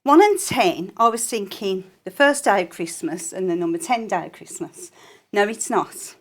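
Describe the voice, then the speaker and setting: A woman's voice: medium pitch, expressive, normal speed. A woman giving a live sewing demonstration on a shopping channel, chatty and jokey as she explains each step.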